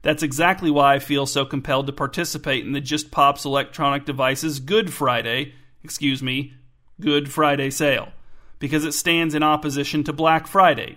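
A man's voice: on the high side, fairly even intonation, a little fast, sharp tone. A man voicing an earnest father who lectures and argues his point with eager conviction. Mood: earnest, persuasive.

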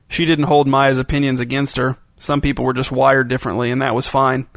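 A man narrating a novel in a steady, even storytelling voice. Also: medium pitch, a little fast, gravelly, dry recording. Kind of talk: audiobook narration.

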